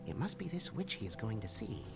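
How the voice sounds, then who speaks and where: An actor playing a meek, fretful winged monkey librarian in a game, speaking hesitantly and apologetically. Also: male voice, on the low side, sing-song, fairly quick, gravelly. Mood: sheepish. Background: game music.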